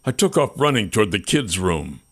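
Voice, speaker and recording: A man with a low voice reads a first-person audiobook. His pitch rises and falls freely as he builds the suspense of the story. His storytelling is expressive and tense. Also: a little fast, no room sound, clean studio sound. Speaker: audiobook narrator.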